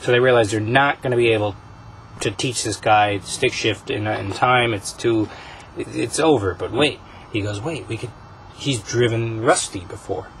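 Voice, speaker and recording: A man hosting a casual podcast, rambling through a story pitch with many fillers. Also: normal speed, slight background noise, low-quality recording. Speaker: podcast host.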